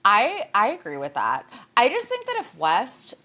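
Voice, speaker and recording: A woman's voice: on the high side, huge pitch swings, moderate pace, sharp tone. A young woman co-hosting a gossip podcast, chatting casually with strong opinions and easy laughter. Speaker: podcast co-host. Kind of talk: casual chat.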